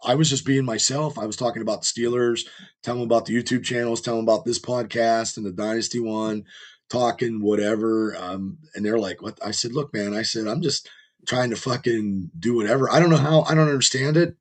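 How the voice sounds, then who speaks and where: A man with a rough, strained voice, hosting a podcast and telling long, rambling, profane stories in casual chat. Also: mid-range voice, fairly even intonation, brisk. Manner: rambling storyteller, heavy swearing. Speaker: podcast host.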